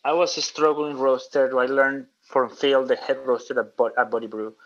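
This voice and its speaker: A relaxed man chatting as an interview guest, rambling through stories in a casual, friendly way and calling people dude and man. His voice sits at an ordinary pitch. The sound is somewhat dull and lo-fi. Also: moderate pace. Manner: loose, storytelling, says dude and man a lot. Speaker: guest, coffee roaster.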